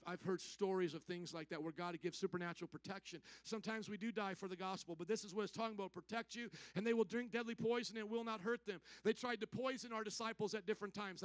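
A man's voice: high-pitched, no room sound. A man pastor preaching a sermon to his church, firing rhetorical questions and rhythmic call-and-response lines at the congregation.

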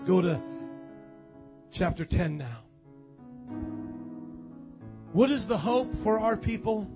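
A man preaching a sermon and reading scripture aloud, dramatic, swinging from loud calls to quiet low reading. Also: lively intonation, slow pace. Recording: dull lo-fi sound with faint music.

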